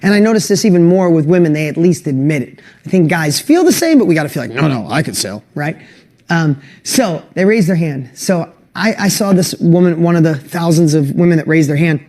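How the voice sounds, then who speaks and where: A man giving a motivational talk to an online audience, telling animated stories and often restarting his sentences. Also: on the high side, a little fast. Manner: animated, acts out quoted voices, restarts sentences; speaks directly to an online audience. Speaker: business coach and motivational speaker.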